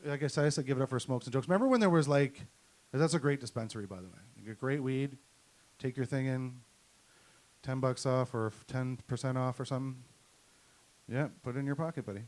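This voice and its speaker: A middle-aged man from Canada doing a crude, profane stand-up set, ranting through his stories at a comedy night. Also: mid-range voice. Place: comedy night at a venue with an audience.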